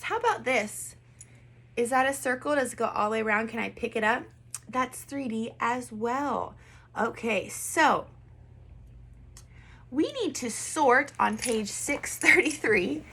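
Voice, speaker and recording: Bright-voiced woman teaching first grade. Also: fairly high pitch, slightly rough. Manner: patient, encouraging, asks questions and has kids repeat. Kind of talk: online classroom lesson.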